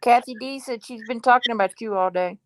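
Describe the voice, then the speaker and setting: A woman's voice: a little high, fairly quick, no echo. A woman co-hosting a livestream, calling out brief, cheerful greetings to viewers. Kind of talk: casual livestream chat.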